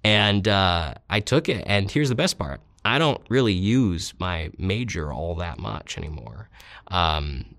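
A man's voice: sits low, lively intonation, unhurried, a bit bright, no room sound. A man in his thirties, an interview guest, telling rambling stories with self-deprecating humor. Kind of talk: casual storytelling interview.

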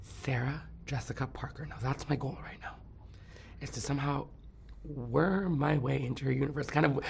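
A man's voice: medium pitch, steady tone, normal speed, creaky, a little hiss or hum. A man in casual celebrity gossip chat, campy and rambling, laughing often and breaking into song.

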